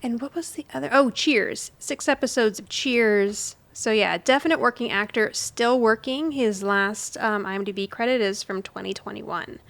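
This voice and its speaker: A woman co-hosting a casual podcast, recapping old sitcom episodes in a relaxed, chatty way. Her voice sits fairly high, and she laughs easily as she talks. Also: normal speed, vocal fry, few pauses. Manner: chatty, laughs often, retells scenes in quoted voices. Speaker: podcast co-host.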